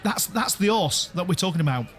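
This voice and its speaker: A man's voice: high-pitched, animated, fairly quick, faint music behind. A man telling a rambling story among old friends on a podcast, laughing and restarting as he goes.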